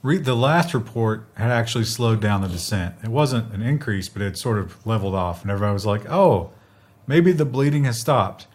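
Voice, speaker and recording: A man's voice: on the low side, quick pace, few pauses. A man co-hosting a casual tech news show, chatty and fond of acting out what people said. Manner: chatty, acts out quotes in lively bits.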